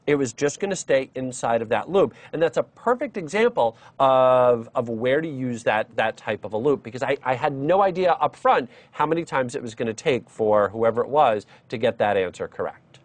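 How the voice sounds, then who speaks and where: Male coding instructor, live-stream lesson, animated pitch, dry close sound, chatty with lots of ums. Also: moderate pace, few pauses, no room sound. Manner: chatty, with many fillers and restarts. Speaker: programming instructor.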